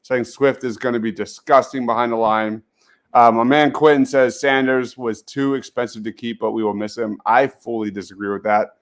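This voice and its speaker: A man's voice: mid-range voice, level tone, normal speed. A man hosting a casual sports talk show, reading out viewer comments and laughing easily. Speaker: podcast host.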